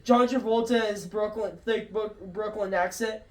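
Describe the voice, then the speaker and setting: A woman's voice: mid-range voice, steady tone, normal speed, darkish tone. A woman casually reading a comic script aloud, giggling and stumbling over words, in a roomy recording from a distance. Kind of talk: casual read-aloud storytelling. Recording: roomy echo, distant from mic.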